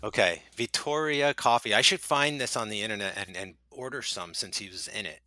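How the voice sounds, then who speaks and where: A man's voice: lowish voice, brisk. A man co-hosting a podcast, chatting with rambling enthusiasm about films he loves. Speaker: podcast co-host. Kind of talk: casual chat.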